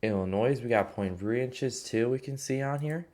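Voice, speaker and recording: A man's voice: medium pitch, normal speed, darkish tone. A man casually talking through weather forecast maps, rambling with many fillers and restarts. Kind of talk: casual weather map walkthrough.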